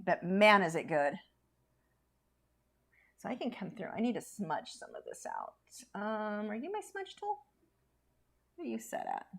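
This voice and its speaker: A woman's voice: medium pitch, wildly swooping pitch, measured pace, creaky, long pauses. A woman artist chatting casually and opinionatedly with viewers while she paints, laughing often. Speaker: artist streamer.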